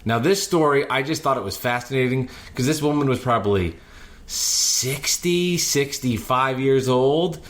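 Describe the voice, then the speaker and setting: A man hosting a podcast, telling animated stories from his delivery shifts in casual chat. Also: medium pitch, a little slow. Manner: animated anecdotes, breaks into singing. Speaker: podcast host and delivery driver.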